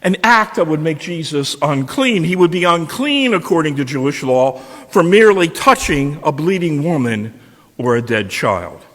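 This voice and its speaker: A man's voice: fairly high pitch, animated, normal speed, fairly bright tone. A man preaching a sermon, retelling a story and posing rhetorical questions to his listeners. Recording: long reverb of a large hall.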